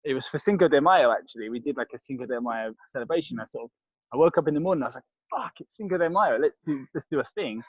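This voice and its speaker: A man with a London accent talks very fast in a medium pitch, his voice slightly rough. He's a podcast guest and crisp reviewer chatting casually, rambling with lots of restarts and fillers. The audio is dull, with no echo.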